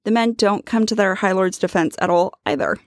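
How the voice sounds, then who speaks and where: A woman's voice: medium pitch, brisk, dry recording, studio quality. A woman with a Californian accent co-hosting a casual book podcast, reading from her notes and laughing often. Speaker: podcast co-host.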